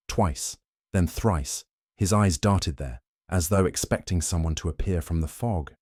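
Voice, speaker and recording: Man narrating a story, formal and measured, deep mellow voice, dry close sound. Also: no echo. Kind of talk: scripted narration.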